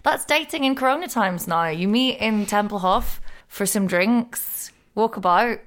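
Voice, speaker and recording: A woman's voice: medium pitch, unhurried, fairly bright tone. Chatty woman podcast host. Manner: chatty, swears, laughs often. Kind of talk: casual chat. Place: living in Berlin.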